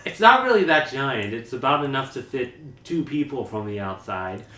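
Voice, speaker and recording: Animated man griping in an echoey room. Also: medium pitch, normal speed, distant mic. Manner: animated, dramatic complaining with exaggerated asides. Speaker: podcast co-host. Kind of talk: casual podcast chat. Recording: roomy echo.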